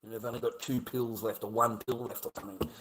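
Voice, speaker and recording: A man's voice: medium pitch, steady tone, quick pace, a bit bright, low-quality recording. An Australian man in a mid-range voice rambles through a casual livestream chat. He swears constantly, repeats himself and lets his words trail off into mumbling.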